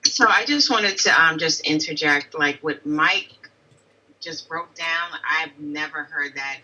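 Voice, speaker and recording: Earnest woman caller, very bright voice. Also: sits low, slow pace, far from the mic, low-quality recording. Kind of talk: casual talk.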